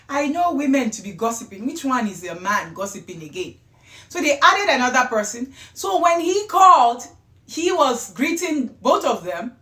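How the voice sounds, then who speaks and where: A woman hosting a show, telling a true-life story in a chatty, rambling way with excited bursts. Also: on the high side, moderate pace. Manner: chatty, wandering asides, gets louder and excited at times. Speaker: host. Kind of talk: casual storytelling. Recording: roomy echo.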